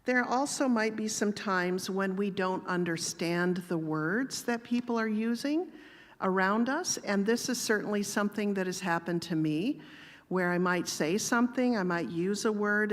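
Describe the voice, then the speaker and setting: A woman giving a sermon-style talk with personal stories, speaking in a calm, measured, gently conversational way. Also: mid-range voice, long reverb tail. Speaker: guest speaker. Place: church.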